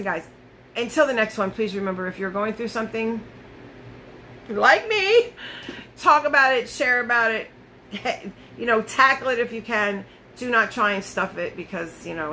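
A woman's voice: medium pitch, bright, forceful tone, slight background noise, rough recording. A woman beauty vlogger, chatting casually to camera in a rambling way with frequent restarts.

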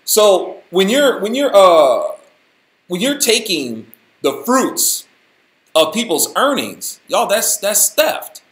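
A man hosting a casual Bible study, talking in an animated, folksy, slangy way. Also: high voice, slow, reverberant. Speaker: host, Bible teacher.

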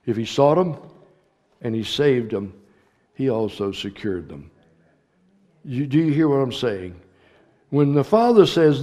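A man preaching a sermon as pastor, swinging between loud emphatic lines and hushed ones. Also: medium pitch, big-room sound. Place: church sanctuary.

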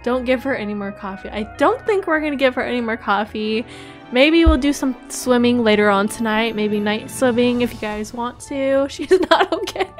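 Giggly high-pitched woman. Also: moderate pace, soft background music. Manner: giggly, excitable, with squealing high laughs and shouts. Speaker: roleplay host playing the mother. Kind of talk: playing a family roleplay game.

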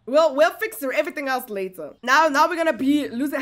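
A young woman giving casual, animated commentary as she plays a game, exclaiming and chatting to her viewers. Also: high voice, brisk. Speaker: gaming streamer.

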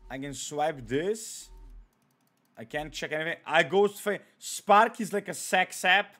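Young man streaming a game, bright and crude. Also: a little high, a little slow. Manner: profane, joking, reads on-screen text aloud. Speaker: gaming streamer. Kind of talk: let's play commentary.

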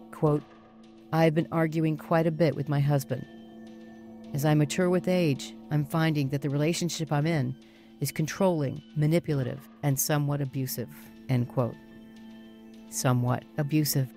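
A middle-aged woman hosting a true-crime podcast, narrating cases with crisp emphasis and interviewing guests. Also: deep voice, dark tone. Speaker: podcast host.

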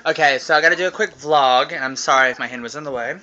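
A man's voice: mid-range voice, quick pace, sharp tone, dull audio. A man chatting in a casual, rambling vlog from home into his phone, talking while chewing candy. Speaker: vlogger. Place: at home, indoors. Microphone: phone camera.

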